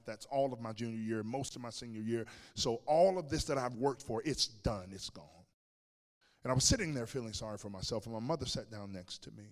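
A man preaching a sermon as pastor, telling a personal story with humor and speaking directly to the congregation. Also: medium pitch. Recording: long reverb of a large hall.

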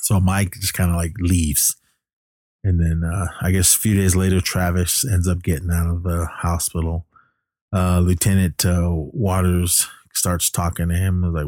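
A man's voice: low-pitched, level tone, measured pace, darkish tone, no room sound, studio quality. A man casually retelling a film's plot, rambling with lots of fillers and restarts. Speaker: film recapper. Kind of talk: casual movie plot recap.

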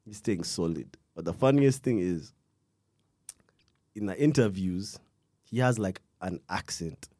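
A man's voice: deep voice, animated, a little slow, long pauses, warm tone, dry recording, studio quality. A young man telling a true crime story in casual chat, rambling with slang and restarts, stopping now and then to cough. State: coughing fits.

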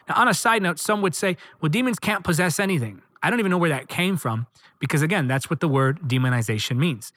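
A man's voice: a little high, quick pace, fairly bright tone, dry recording. A man preaching a sermon, reading scripture aloud and driving points home with rhythmic, emphatic repetition.

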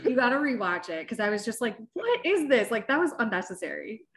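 A woman co-hosting a podcast, telling stories in an animated, exasperated way. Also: medium pitch, fast talker. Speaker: podcast co-host. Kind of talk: casual chat.

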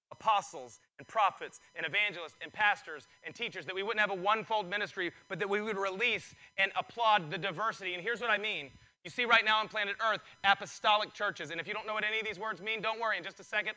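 In a roughly recorded sermon, a high-pitched male pastor grows more and more intense, excitable, his voice strained from all the preaching.

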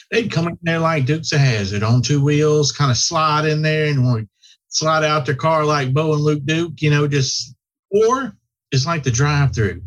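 A man's voice: a little high, a little slow. A man, a vet practice owner telling stories in a rambling, folksy way. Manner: folksy, rambling, with many restarts. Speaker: veterinary practice owner, podcast guest. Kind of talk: casual storytelling chat. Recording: slightly muffled lo-fi audio.

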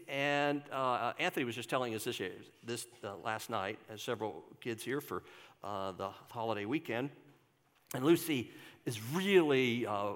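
A man's voice: mid-range voice, fairly bright tone, long reverb tail. An older man, a pastor, giving a conversational sermon and asking the congregation questions. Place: church sanctuary.

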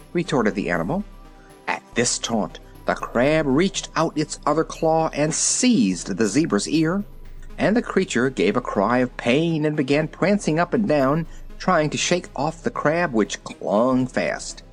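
A narrator reading a children's story in a lively, expressive way. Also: medium pitch, normal speed, husky, soft background music.

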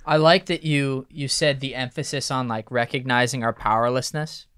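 A man's voice: mid-range voice, fairly even intonation, normal speed, a bit bright, clear, resonant tone, no room sound. A man hosting a podcast, chatting casually and asking earnest, eager questions. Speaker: podcast host. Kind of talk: casual chat.

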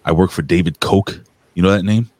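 A man's voice: sits low, a little fast, dry recording. A man with a New York accent, co-hosting a stream and telling rambling, profane stories in casual chat. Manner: animated storyteller, profane, rambling. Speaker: stream co-host.

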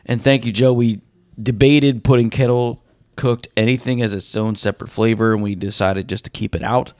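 A man's voice: fairly low pitch, fairly even intonation, moderate pace, darkish tone, no echo, studio quality. A man hosting a casual podcast chat, reading out poll results and teasing his co-hosts. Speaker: podcast host.

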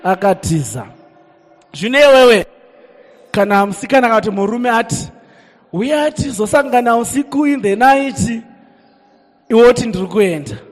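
A man with a Zimbabwean accent preaching a sermon, energetic and calling out to the congregation. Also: very high voice, moderate pace, pauses often. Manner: energetic, calls on the congregation, switches between languages. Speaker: pastor. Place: church hall. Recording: echoey church hall reverb.

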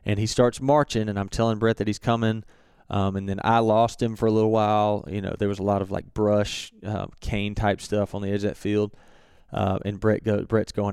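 A young man telling a hunting story in a relaxed, halting way with many fillers and restarts. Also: fairly low pitch, smooth, no room sound, clean studio sound. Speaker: turkey hunter recounting a hunt. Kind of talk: casual storytelling.

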